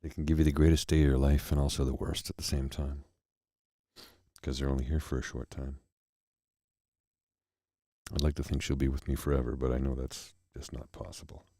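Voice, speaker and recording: Middle-aged male host for a soft ASMR talk: husky, dry close-miked sound, unhurried and reflective. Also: rumbling low, little pitch movement, dry recording. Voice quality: soft, reflective, halting with pauses and restarts. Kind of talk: soft-spoken ASMR chat.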